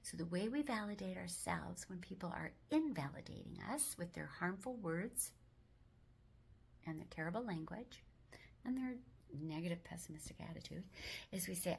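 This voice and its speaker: A woman giving gentle, affirming self-help talk, mostly in a soft whisper with firmer spoken words mixed in. Her voice has a gravelly fry and sits at a middle pitch. A faint hiss runs under the recording. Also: lively intonation, normal speed. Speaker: self-help video host.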